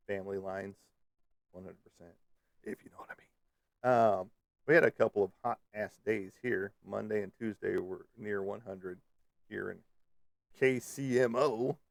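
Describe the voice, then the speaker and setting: Host type: male, low and gravelly, loose joking ramble, dry close mic. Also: no room sound. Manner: rambling, joking, lots of fillers. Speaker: live stream host. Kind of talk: casual live chat with viewers. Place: Kansas City area.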